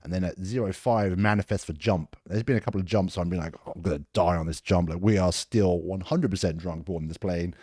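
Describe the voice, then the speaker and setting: A British man in his forties, a guest on a podcast, telling stories about his army years in a relaxed way. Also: low-pitched, a little fast, few pauses, no room sound, studio quality. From England. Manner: laid-back storytelling, swears and laughs a lot. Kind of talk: casual interview.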